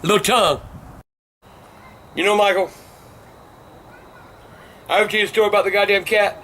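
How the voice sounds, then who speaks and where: Older man, high bright voice, cursing storyteller who erupts into shouts, faint room hum. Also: steady tone, normal speed. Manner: cursing constantly, bursts into shouting. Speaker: vlog host telling stories. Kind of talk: profane storytelling rant.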